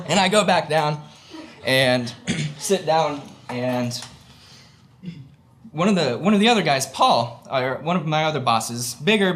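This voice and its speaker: A man's voice: fairly high pitch, a bit bright, a little hiss or hum. A young man telling a personal story on stage before an audience, rambling with lots of fillers and poking fun at himself. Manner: rambling, filler-heavy, self-mocking humor.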